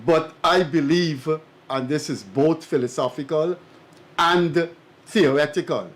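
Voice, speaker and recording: Guy on a talk show, fairly high voice, slow and deliberate, leans on key words. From Guyana. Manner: measured, deliberate, emphatic, speaks as an academic. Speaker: co-host and commentator. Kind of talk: studio talk show commentary.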